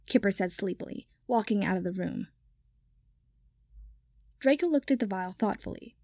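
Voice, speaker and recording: A woman reading fiction aloud in calm, even narration. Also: mid-range voice, normal speed, creaky, long pauses, no room sound, clean studio sound. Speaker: audiobook reader.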